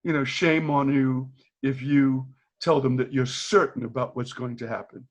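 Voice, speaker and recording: A man's voice: medium pitch, moderate pace. An older man from Boston, a former teacher, telling stories on a video call and acting out the voices in them with frequent laughter. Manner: animated storyteller, acts out quoted dialogue, laughs often. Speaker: retired teacher, guest. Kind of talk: candid storytelling in a video call.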